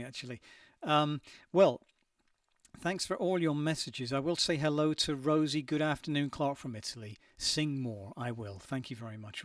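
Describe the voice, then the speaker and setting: A man's voice: on the high side, dry recording, studio quality, far from the mic. A man hosting a casual livestream, reading out viewer comments in a friendly, chatty way with many hesitations.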